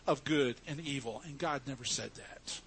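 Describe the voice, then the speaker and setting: A man's voice: medium pitch, normal speed, a bit bright, breathy edge. A man preaching a sermon to his congregation, emphatic and earnest as he teaches from scripture. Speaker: pastor.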